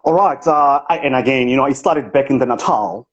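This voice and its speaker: A man puts on a posh accent to play a boastful motivational speaker, bragging grandly and smugly in a comic impression during a live chat. His mid-range voice is brisk and slightly rough, only lightly acted. The livestream audio is dull and lo-fi.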